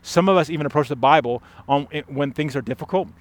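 A man preaching a sermon as pastor, emphatic and urgent, dropping to hushed stress on key words. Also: on the high side, quick pace. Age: adult father.

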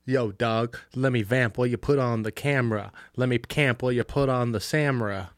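A young man co-hosting a podcast, cracking goofy, deadpan jokes in casual chat. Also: medium pitch, fairly quick, dry recording, clean studio sound. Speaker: podcast co-host.

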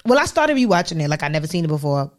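A young woman in casual chat, animated and talking over her friend, acting out how she yells at the TV. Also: low voice, racing. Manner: animated, talks over others, acts out yelling at the TV.

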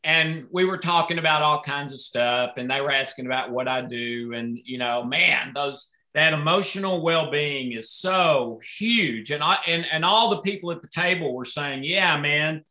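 A man hosting a sales event, telling an animated story and acting out the dialogue with jumps in his voice. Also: a little high, normal speed, few pauses. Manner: excitable, acts out dialogue in raised voices. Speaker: host presenting products. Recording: echoey room.

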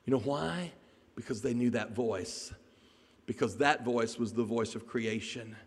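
A man preaching a sermon, telling a Bible story in an animated way and putting questions to the congregation. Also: mid-range voice, a little slow. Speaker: pastor. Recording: echoey hall.

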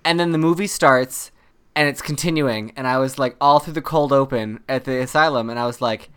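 A man co-hosting a podcast, with a smooth, clear voice of middling pitch. He tells stories in a chatty way and acts out the lines he quotes. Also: fairly quick. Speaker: podcast co-host. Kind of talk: casual chat.

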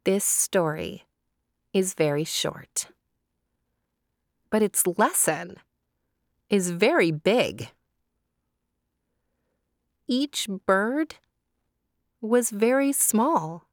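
Slow, gentle woman reading a children's story. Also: mid-range voice, animated, no room sound, studio quality. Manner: slow, gentle, asks listeners questions.

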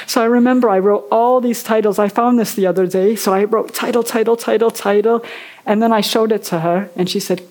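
A woman's voice: medium pitch, fairly even intonation, fairly quick, a little mellow. A woman in her fifties, an author and a guest on a book festival stage, telling her story in a chatty, rambling way. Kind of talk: casual on-stage interview.

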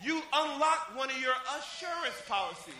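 A man preaching an exuberant sermon in church, shouting and laughing as he calls out to members of the congregation by name. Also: extremely high pitch, big pitch swings, normal speed, background noise. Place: church service. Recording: echoey church with faint music.

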